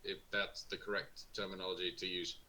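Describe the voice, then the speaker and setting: A man chatting through his turn in a tabletop game. He stammers and hesitates as he talks, and he often pokes fun at himself. His voice has a bright, forward edge. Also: low voice, level tone, a little fast, slight background noise, poor audio. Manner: hesitant, stammering, self-mocking. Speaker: player. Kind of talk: casual tabletop game chat.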